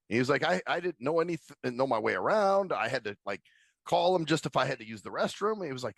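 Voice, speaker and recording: A man co-hosting a casual podcast chat, telling animated stories and laughing often. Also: mid-range voice, quick pace, gravelly, no echo, studio quality. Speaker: podcast co-host.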